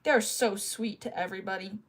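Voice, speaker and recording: A woman streamer chatting casually with her live chat while she draws. She giggles often and jokes around, and sometimes bursts into playful mock yelling. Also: medium pitch, fairly quick.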